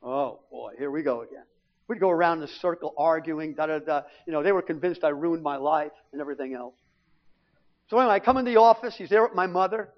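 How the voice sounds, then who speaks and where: High-voiced man telling a testimony. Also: quick pace. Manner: animated storyteller acting out family dialogue. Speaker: preacher. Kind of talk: sermon testimony storytelling. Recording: dull lo-fi recording.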